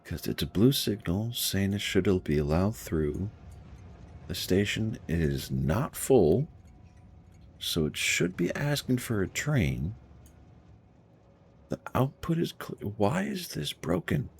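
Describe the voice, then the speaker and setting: Deep gravelly man puzzling aloud. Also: very animated, slow. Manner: thinking aloud, puzzled, chuckling to himself. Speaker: streamer. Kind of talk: casual gameplay commentary.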